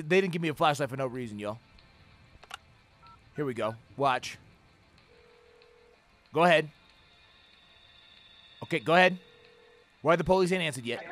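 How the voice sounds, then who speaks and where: A man hosting a let's play of a horror game, reacting loudly with a lot of swearing and sudden shouts. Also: sits high, expressive, moderate pace, pauses often, faint music behind. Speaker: gaming channel host.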